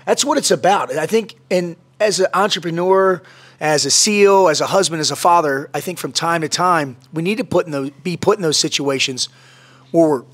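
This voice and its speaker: A man as a podcast guest, talking in a brash, profane, boastful motivational style that gets louder when he is worked up. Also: a little high, normal speed. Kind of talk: casual podcast chat.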